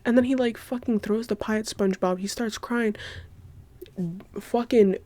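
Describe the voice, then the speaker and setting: A woman hosting a casual solo podcast, gushing excitedly, swearing a lot in slangy talk and giggling. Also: a little high, moderate pace, no room sound. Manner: giggly, breaks into laughter. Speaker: podcast host.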